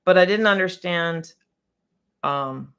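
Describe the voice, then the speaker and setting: A woman's voice: on the low side, slow pace, fairly bright tone, clean tone. Woman, piano technician, livestream Q&A, casual, chatty, scattered, laughs often. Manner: chatty and scattered, with many restarts and bursts of laughter.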